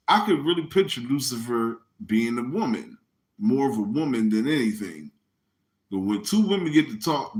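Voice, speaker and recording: Animated, profane male podcast host. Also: mid-range voice. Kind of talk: casual comedic rant. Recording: echoey room.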